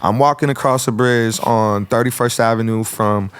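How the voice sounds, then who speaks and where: A man's voice: mid-range voice, steady tone, moderate pace, smooth. A man from Arizona, a rapper guest telling stories in a casual interview, swearing freely and acting out what others said. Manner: profane, rambling, acts out others' lines.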